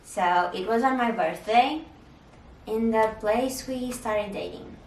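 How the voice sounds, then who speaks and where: A woman's voice: a little high, slow, darkish tone, echoey room, distant mic, a little hiss or hum, rough recording. A young woman chatting candidly to camera, answering viewer questions about motherhood and marriage. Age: young adult. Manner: candid, chatty, with frequent "like" fillers. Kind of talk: casual Q&A chat.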